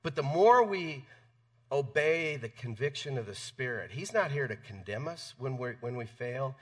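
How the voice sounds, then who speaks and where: A man's voice: mid-range voice, expressive, normal speed, far from the mic. A man preaching a sermon in a church, conversational, stumbling over repeated words. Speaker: pastor. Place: church sanctuary.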